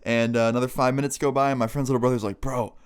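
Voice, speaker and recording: A man's voice: medium pitch, little pitch movement, very fast, smooth. A young man vlogger telling a funny story in a casual, laughing, swear-filled way.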